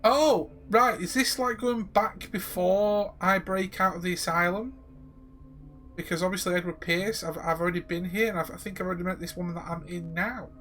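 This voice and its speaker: A man's voice: high-pitched, fairly even intonation, moderate pace, fairly bright tone, faint music behind. A man casually commentating a live game stream, joking with viewers. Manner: casual, jokey, addresses viewers.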